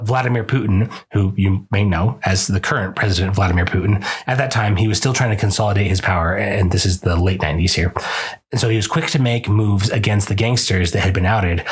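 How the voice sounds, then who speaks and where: A man's voice: fairly low pitch, breathy edge. A man hosting a podcast, casually retelling a book in a rambling, chatty way with many fillers. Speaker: podcast host reviewing a book.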